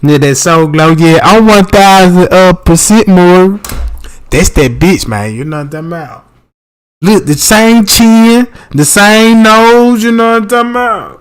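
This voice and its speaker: Profane, fast-rambling man on a livestream. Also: high-pitched, smooth. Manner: loose, profane, keeps asking "you know what I'm talking about". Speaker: livestream host. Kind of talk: casual livestream commentary.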